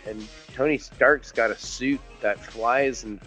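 A man's voice: mid-range voice, fairly even intonation, music in the background. A man in a casual podcast chat, cursing freely and restarting sentences. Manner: swears freely, halting with restarts. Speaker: podcast co-host.

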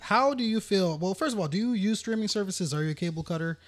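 A man's voice: high-pitched, animated, fast, a little hiss or hum. Man hosting a casual chat. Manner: brings up news topics and asks questions. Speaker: podcast host.

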